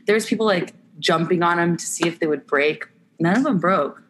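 A young woman, an Olympic softball player, chatting candidly as a podcast guest with lots of laughter and filler words. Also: fairly low pitch, fairly quick, slight background noise. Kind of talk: casual podcast chat.

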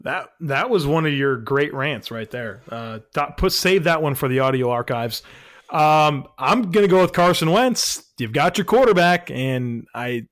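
A man's voice: fairly high pitch, expressive, a little slow, dry recording, clean studio sound. Upbeat male sports podcast co-host. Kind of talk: casual sports chat.

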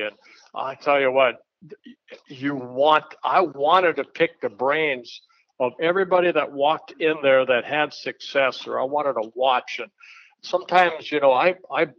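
A man, a former pitcher, telling blunt, folksy anecdotes in a casual chat, with an occasional chuckle. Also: measured pace, no room sound. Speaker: retired pitcher, guest storyteller. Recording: dull, lo-fi dry sound.

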